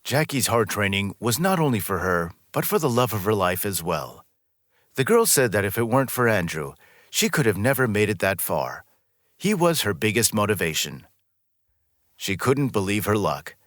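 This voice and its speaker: At normal speed, a man narrates a scripted tale in a low voice whose pitch moves up and down in a lively way. He keeps the reading smooth and steady, close to the microphone, with a dry, echo-free sound.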